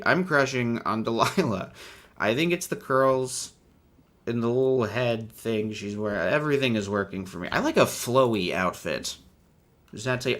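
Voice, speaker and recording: A man's voice: mid-range voice, expressive, moderate pace, a bit bright. A man hosting a casual, irreverent comedic commentary, laughing often as he talks. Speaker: host.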